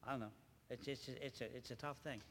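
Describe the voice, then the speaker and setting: An older man giving an emotional personal testimony at a church gathering, speaking haltingly and often repeating his words. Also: mid-range voice, steady tone, fairly bright tone. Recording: reverberant hall, faint background noise.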